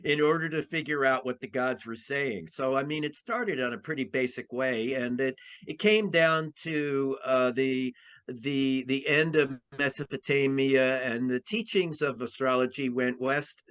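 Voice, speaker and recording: A man's voice: medium pitch, measured pace, a bit bright, clear, resonant tone. Guy rambling about his work in an interview, lots of uh and restarts, mid voice. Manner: rambling, many restarts and fillers. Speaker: astrologer guest. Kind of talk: conversational interview. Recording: dull lo-fi sound.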